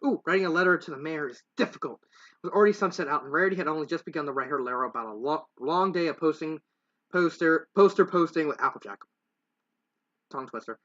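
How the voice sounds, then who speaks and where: A man's voice: on the high side, quick pace, a bit bright, muffled recording. A man reading fanfiction aloud, rambling and stumbling over words, with self-mocking asides. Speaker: fanfiction reader. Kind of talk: casual story reading with asides.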